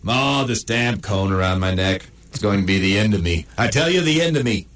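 Un hombre haciendo de un perro sarcástico y gruñón. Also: male voice, lowish voice, lively intonation, a little fast, very noisy. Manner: sardonic, self-pitying and crude. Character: grumpy male dog wearing a cone, sarcastic. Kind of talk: comedic inner monologue.

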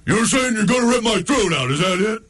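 A man's voice: high-pitched, expressive, a little fast, a bit bright, voice pushed up. A man voicing a menacing male pit bull who bullies other dogs. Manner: gruff, threatening.

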